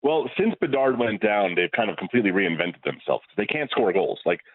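A man's voice: on the low side, a little fast, no echo. Wry man on a tinny phone line. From New York. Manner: wry, deadpan jokes. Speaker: sportswriter guest. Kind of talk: casual radio interview.

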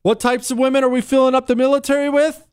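A man's voice: very high voice, flat delivery, quick pace, smooth, no room sound. A man hosting a talk radio show, delivering a mocking monologue full of rhetorical questions into a close studio mic.

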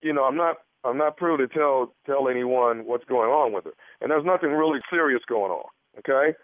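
A man's voice: mid-range voice, fairly quick, no room sound, close to an everyday voice. A man playing a smarmy, creepy doctor on a prank phone call, hesitant and stammering with many restarts. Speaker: prank caller. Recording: tinny phone line.

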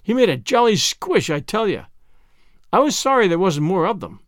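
A man's voice: high-pitched, very animated, moderate pace, dry recording, studio quality. A man voicing a scruffy, mischievous little boy with folksy, slangy talk in a storybook reading. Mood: earnest.

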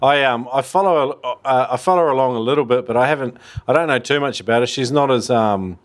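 A man hosts a casual podcast interview. He speaks at a middle pitch and talks in an easygoing, hesitant way, with plenty of fillers. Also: fast talker. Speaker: podcast host.

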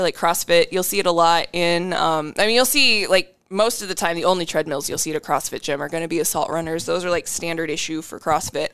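A woman co-hosting a casual fitness chat, blunt and animated, swearing freely as she gives coaching advice. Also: fairly low pitch, clean tone.

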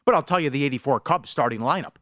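Animated middle-aged male sports radio host. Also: fast talker, no room sound, studio quality. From Superior, Wisconsin. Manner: animated storyteller, big pitch swings. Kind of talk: casual sports talk.

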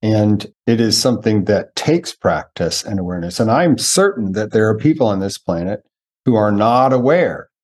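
A man hosting a podcast interview, telling stories in an animated way and slowing down to stress his points. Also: lowish voice, husky. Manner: animated storyteller, slows down for emphasis. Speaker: podcast host. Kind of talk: conversational interview.

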